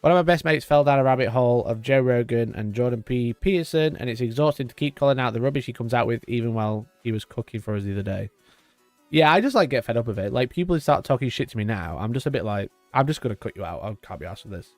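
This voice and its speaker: A man's voice: medium pitch, lively intonation, fast, no echo, soft background music. A man in his twenties hosting a live stream, chatting in a rambling, sweary way and laughing often. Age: 20s. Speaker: livestream host. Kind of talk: casual live-stream chat.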